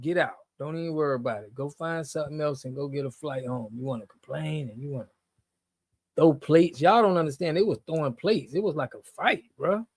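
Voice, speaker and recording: A man with a fairly high voice rants through a reaction video in loose slang, jumping from loud outbursts to low mutters. The sound is dry and close, with no room around him. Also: brisk, no echo. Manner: animated, slangy, swings between loud and muttered. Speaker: reaction channel host. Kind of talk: casual reaction commentary.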